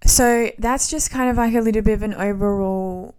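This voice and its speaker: A woman in her twenties hosting a solo podcast, talking casually in a relaxed, rambling way with frequent ums and restarts. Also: mid-range voice, moderate pace, smooth. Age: 20s. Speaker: podcast host.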